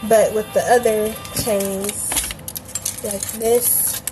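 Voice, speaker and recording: A young woman from Cleveland who grew up in Atlanta, a bit hoarse, hosting a casual craft tutorial livestream and chatting loosely with her viewers. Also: medium pitch, flat delivery, extremely slow, music in the background, poor audio. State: a bit hoarse, feels she is losing her voice.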